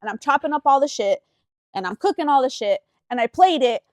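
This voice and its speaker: A woman's voice: sits high, animated, a little fast, a little mellow, dry recording. A young woman co-hosting a casual podcast with her brother, telling stories in a playful, dramatic way. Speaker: podcast co-host. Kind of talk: casual chat.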